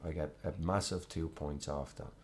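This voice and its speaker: A man's voice: a bass voice, fairly even intonation, normal speed, darkish tone. A man hosting a casual football chat, rambling and chatty with frequent ums. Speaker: host.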